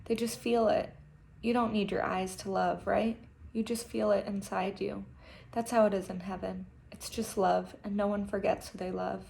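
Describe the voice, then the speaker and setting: A woman voicing a tired, loving mother who soothes her son in a hushed, almost whispered voice. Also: medium pitch, flat delivery, moderate pace, gravelly, a little hiss or hum. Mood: tender hushed. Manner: hushed and soft, nearly whispering.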